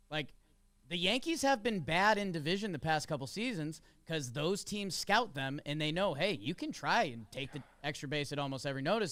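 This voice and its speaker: Male podcast co-host, slightly high, smooth voice, chatty and jokey, dry studio sound. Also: fairly bright tone, no room sound. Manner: chatty, jokey, with many fillers. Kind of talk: casual sports chat.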